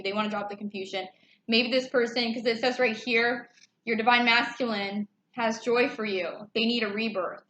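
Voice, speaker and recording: A woman's voice: a little high, fairly bright tone, dull audio. Chatty, cursing woman tarot reader. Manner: chatty and loose, swears and laughs easily. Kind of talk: casual tarot reading vlog. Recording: echoey room, faint background noise.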